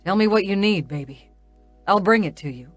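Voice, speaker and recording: A woman voicing a calm, protective young man who speaks with a smooth, soothing drawl in an audiobook. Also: medium pitch, normal speed, faint music behind, natural voice.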